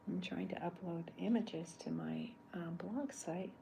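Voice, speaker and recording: Woman, soft gravelly half-whisper, slow rambling talk, noisy home stream audio. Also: fairly low pitch. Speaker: artist live-streaming her drawing. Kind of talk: soft-spoken ASMR drawing stream.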